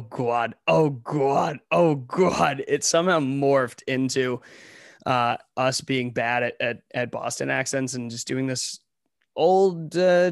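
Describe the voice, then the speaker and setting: A man's voice: mid-range voice, fairly bright tone, no echo, clean studio sound. A young man from Ohio co-hosting a comedy podcast in a casual chat, full of sarcastic, ironic riffs. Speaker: podcast co-host.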